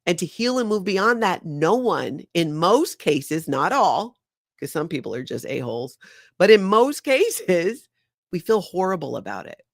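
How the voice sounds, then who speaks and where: A woman's voice: fairly low pitch, big pitch swings, a little slow, vocal fry, dry recording, clean studio sound. A woman hosting a livestream, talking in an earnest, confiding way and reading viewer comments aloud. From former member of a high-control group. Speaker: livestream host.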